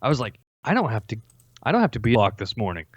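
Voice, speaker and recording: Teasing young man, muffled lively voice. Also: medium pitch, quick pace, slightly rough, no echo. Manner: teasing, laughs often, profane. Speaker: podcast co-host. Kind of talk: casual chat.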